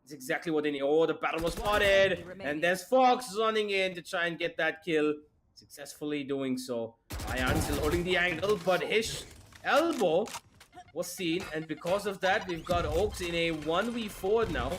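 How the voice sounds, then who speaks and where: A man giving brisk, steady play-by-play commentary on a live esports match. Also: fairly high pitch, background noise. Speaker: esports caster.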